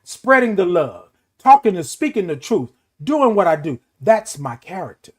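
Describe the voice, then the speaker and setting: High-voiced man preaching motivation. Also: very animated, normal speed. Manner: emphatic, repetitive preaching cadence. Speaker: host. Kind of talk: motivational talk.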